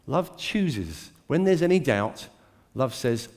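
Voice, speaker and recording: A man preaching a sermon to a church, dramatic and swinging between hushed, intimate lines and emphatic climbs. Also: medium pitch, expressive, moderate pace, few pauses. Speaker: pastor.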